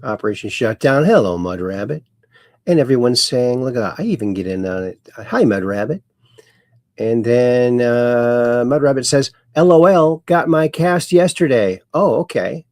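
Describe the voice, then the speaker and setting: A man's voice: medium pitch, lively intonation, moderate pace, darkish tone, no room sound, clean studio sound. A man hosting a casual livestream, reading viewer comments aloud and adding playful asides. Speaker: livestream host reading chat.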